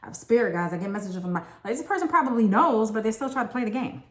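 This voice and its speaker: A woman's voice: fairly high pitch, expressive, quick pace. A woman doing a casual tarot reading, blunt and profane, with sassy asides aimed straight at the viewer. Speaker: tarot reader.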